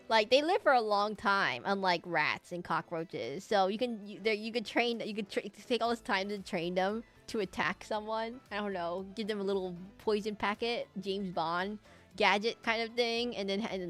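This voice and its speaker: A woman's voice: mid-range voice, animated, moderate pace, a bit bright, faint music behind. A young woman streaming while she draws, chatting casually in a rambling, giggly way that hops between tangents. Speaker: streamer drawing live. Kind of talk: casual chat while drawing.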